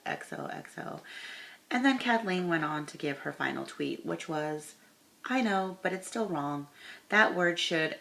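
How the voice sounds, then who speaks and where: A woman's voice: sits low, creaky, a bit bright. A woman talking straight to camera in a casual commentary vlog, stopping herself to correct course, then reading posts aloud. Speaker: commentary vlogger.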